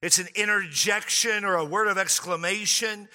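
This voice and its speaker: A male pastor preaching a sermon in an animated, joking way, stretching key words out for emphasis. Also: high voice, moderate pace, big-room sound.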